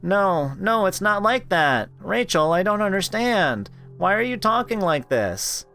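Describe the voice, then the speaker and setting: A man's voice: sits high, sing-song, a little slow, sharp tone, faint music behind, voice pushed up, exaggerated voice. A man voicing a nervous young woman who hides a guilty secret in a game he reads aloud. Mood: defensive. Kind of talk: reading a visual novel aloud.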